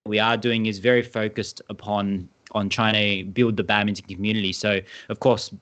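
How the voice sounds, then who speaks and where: Australian male co-founder, lowish voice, enthusiastic and wordy on a video call. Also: flat delivery, moderate pace, a bit bright. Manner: enthusiastic, rambling explanations. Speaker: badminton brand co-founder. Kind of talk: casual interview talk.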